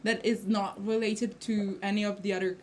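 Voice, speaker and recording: A woman's voice: mid-range voice, level tone, moderate pace, a little mellow. Chatty woman co-host. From Italy. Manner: chatty, with frequent fillers and self-corrections. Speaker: podcast co-host. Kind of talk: casual chat.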